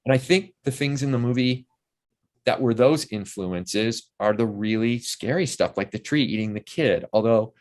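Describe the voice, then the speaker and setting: A man in his sixties, an interview guest who tells lively stories about a film shoot and acts out what people said on set. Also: mid-range voice, normal speed. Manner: animated storyteller who acts out quotes from the set. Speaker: interview guest, actor and playwright. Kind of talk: casual interview chat.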